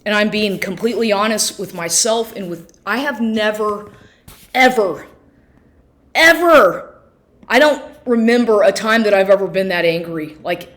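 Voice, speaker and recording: Woman ranting into her phone at home, worked up, stumbling and restarting, swearing a lot. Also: mid-range voice. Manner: agitated, halting, many restarts and swearing. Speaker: vlogger. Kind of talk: emotional personal account to camera. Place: at home, inside and on the porch.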